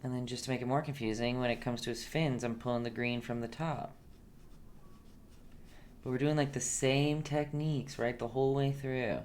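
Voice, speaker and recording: A woman's voice: a bass voice, steady tone, normal speed, a little mellow, slight background noise. Chatty woman teaching a painting live stream. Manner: chatty and playful, laughs often and reacts to viewers.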